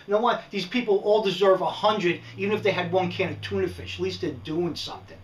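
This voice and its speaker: A rambling, animated man with a New York accent, his voice pitched a little high. He sits back from the mic in a roomy space with a clear echo. He is a middle-aged vlogger on a casual rant. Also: fast talker, few pauses, recorded from a distance. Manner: animated, rambling, frequent "right?" asides. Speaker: prepping vlogger. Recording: echoey room, speaker away from the mic.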